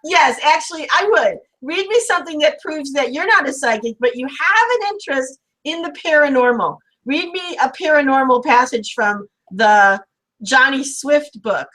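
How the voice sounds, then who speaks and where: A woman's voice: high-pitched, animated, normal speed, poor audio. Chatty woman host from St. Louis. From St. Louis, Missouri. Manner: chatty, warmly teasing questioner. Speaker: podcast host. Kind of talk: casual video-call interview.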